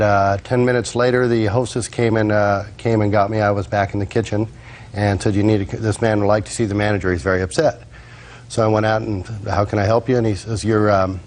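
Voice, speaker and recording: A man testifying as a restaurant manager witness, hesitant and full of pauses and restarts. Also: on the low side, darkish tone. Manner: hesitant, with many ums and restarts. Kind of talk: courtroom testimony.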